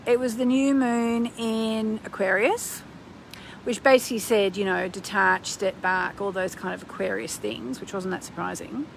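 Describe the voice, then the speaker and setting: A chatty woman astrologer talks on a phone live stream, rambling and full of ums, then gushing with enthusiasm. Her voice has a gravelly fry at the edges. Faint noise sits behind her. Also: medium pitch, steady tone, normal speed, rough recording. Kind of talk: casual live-stream chat.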